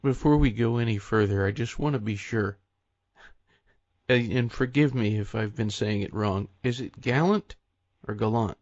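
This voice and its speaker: A man's voice: lowish voice, moderate pace, a little mellow, no echo. Polite male interview host, lo-fi. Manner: polite, courteous questioning. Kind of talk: interview questions. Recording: dull lo-fi sound, dry.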